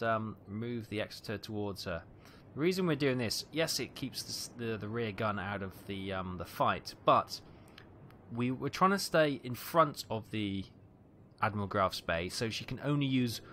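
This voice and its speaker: A man's voice: on the low side, pushed and bright, slight background noise. A man hosting a gaming channel, chatting and explaining as he plays, with frequent fillers. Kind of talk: game commentary.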